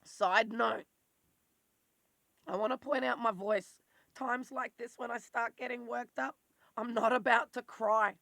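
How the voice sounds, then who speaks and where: An adult in their forties with an Australian accent, talking bluntly and intensely in a candid personal monologue. Their voice is worn and turns squeaky when they get worked up. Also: steady tone, a little slow, vocal fry, long pauses, pushed and bright, no room sound. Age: 40s. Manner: blunt, swears freely, intense and rambling. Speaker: vlogger.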